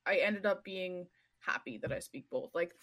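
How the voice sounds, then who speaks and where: A woman's voice: fairly low pitch, normal speed, fairly bright tone. A young woman from Montreal, chatting bluntly and crudely as a streamer. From Montreal, Canada. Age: young adult. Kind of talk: casual chat.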